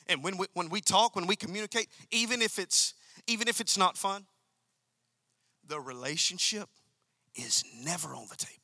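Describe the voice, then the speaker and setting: With a voice that sits high and sounds pushed and bright, a pastor delivers his sermon at normal speed, pausing often, with no echo. He hammers home key phrases through repetition and addresses his congregation directly, emphatically.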